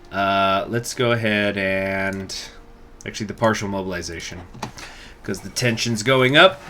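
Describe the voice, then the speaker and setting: A man's voice: on the low side, fairly bright tone, a little hiss or hum. A man hosting a gaming channel, thinking aloud and muttering through let's play commentary, swearing now and then.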